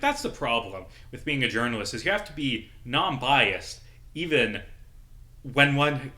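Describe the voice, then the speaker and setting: A man's voice: mid-range voice, sharp tone. A man in his mid-twenties, a local journalist, angrily and profanely ranting in a casual vlog.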